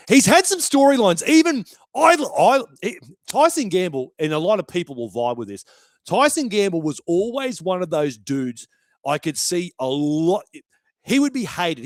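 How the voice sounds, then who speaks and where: A man's voice: a little high, no echo. A young Australian man hosting a sports podcast in a brash, chatty way, swearing freely. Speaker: podcast host. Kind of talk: casual podcast commentary.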